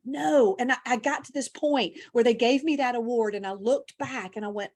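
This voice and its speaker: A woman's voice: sits high, moderate pace. A woman speaker, talking animatedly in a conversational interview and telling her own story. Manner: animated, storytelling, emotional at times. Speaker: keynote speaker, guest.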